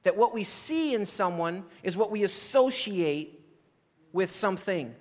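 Male pastor, high voice, chatty storytelling sermon, long hall reverb. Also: lively intonation, measured pace. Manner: conversational storytelling, frequent "like" and "right?".

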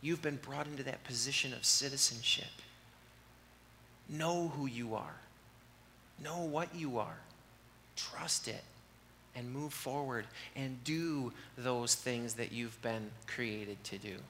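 Male pastor, earnest conversational sermon style, bright edge, long hall reverb with faint room noise. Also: medium pitch. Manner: earnest, conversational preaching, dropping to soft, slow prayer. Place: church sanctuary.

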